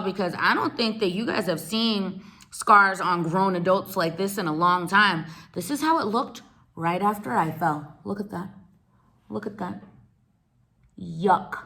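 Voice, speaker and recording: A woman in her thirties from the United States, telling a lively story to her viewers and acting out each person's lines. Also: lowish voice. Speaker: vlogger. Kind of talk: animated storytime.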